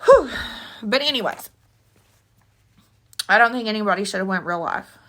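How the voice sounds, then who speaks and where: A woman's voice: medium pitch, lively intonation, normal speed, fairly bright tone. A woman vlogging an emotional opinion rant, blunt and rambling with slangy asides, tearful and sniffly from crying. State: tearful, with a runny nose. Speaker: commentary vlogger.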